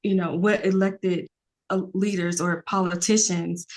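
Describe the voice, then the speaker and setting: A woman's voice: lowish voice, little pitch movement, a little slow. A woman, a podcast guest talking earnestly in a rambling casual way, with many fillers.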